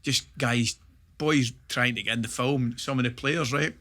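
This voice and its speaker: Scottish man, middle-aged, bright voice, animated storyteller who laughs through his tales, casual podcast guest. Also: mid-range voice, moderate pace. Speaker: guest, former footballer. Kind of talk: casual podcast chat, anecdote telling.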